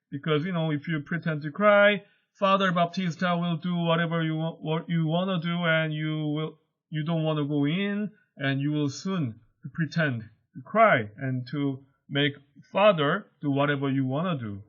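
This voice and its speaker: Teacher explaining a play line by line. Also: male voice, normal speed. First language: Korean. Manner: paraphrases quotes in simple words, lifts his pitch when reading lines aloud. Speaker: high school English teacher. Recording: dull lo-fi recording.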